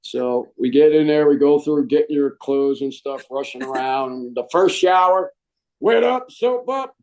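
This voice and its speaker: A former U.S. Marine relates his story in a relaxed interview, lively and loose, often saying "man" and backing up to restart. His voice is a little high and unhurried, and the recording is rough.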